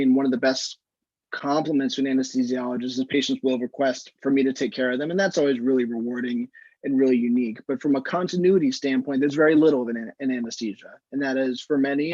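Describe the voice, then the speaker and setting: Husky-voiced male doctor on a muffled call. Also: medium pitch, darkish tone, no echo. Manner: measured, explanatory, frequent "standpoint" phrasing. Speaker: anesthesiologist answering student questions. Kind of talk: casual advice in an online Q&A. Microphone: video call. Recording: muffled, slightly lo-fi video call audio.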